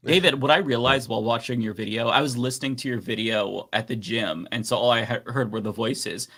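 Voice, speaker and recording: Man, gravelly voice, mid pitch, easygoing, panel chat. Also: a little fast, a bit bright. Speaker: podcast co-host.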